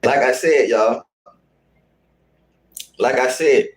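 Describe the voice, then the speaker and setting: A man's voice: mid-range voice, slow, long pauses. A man hosting a live stream, speaking, confrontationally scolding his chat and repeating his phrases. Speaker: livestream host. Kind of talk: casual live-stream rant.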